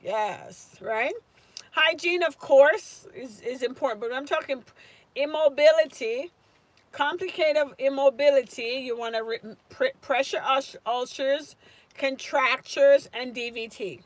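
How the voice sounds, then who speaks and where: A woman's voice: high-pitched, unhurried, no echo. A woman tutoring nursing students on a casual live stream, chatting and answering viewers' comments by name.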